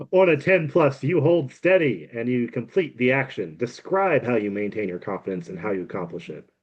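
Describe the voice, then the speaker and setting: Halting male game master, lo-fi sound. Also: medium pitch, expressive, slightly rough. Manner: halting, many fillers. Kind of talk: narrating a tabletop game.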